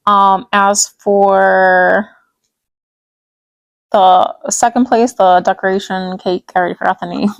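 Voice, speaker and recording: A woman's voice: medium pitch, fairly even intonation, takes it slowly, vocal fry, long pauses, no echo. A woman vlogger chatting casually about her doll collection, rambling and giggly, tripping over names as she goes. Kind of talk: casual chat while restyling dolls.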